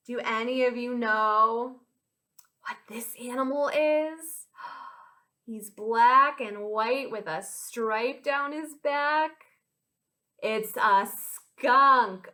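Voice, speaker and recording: A young American woman, a children's librarian, leading a storytime for small children in an animated, sing-song and encouraging way. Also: high-pitched, takes it slowly.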